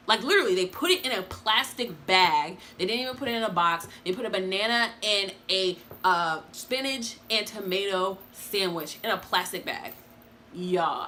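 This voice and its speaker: Bright, chatty young woman vlogger. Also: mid-range voice, slight background noise. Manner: chatty, expressive, addresses viewers as y'all. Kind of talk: casual review vlog.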